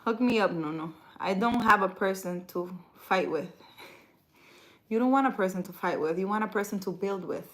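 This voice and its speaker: A woman's voice: medium pitch, moderate pace, a bit bright, poor audio. A woman hosting a casual livestream, reading viewer comments aloud, teasing her viewers and then giving earnest spiritual advice.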